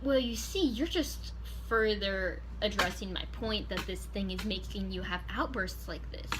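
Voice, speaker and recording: A woman voicing a stern, condescending female school principal in a measured, patronizing way. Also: mid-range voice, a little hiss or hum, lightly acted.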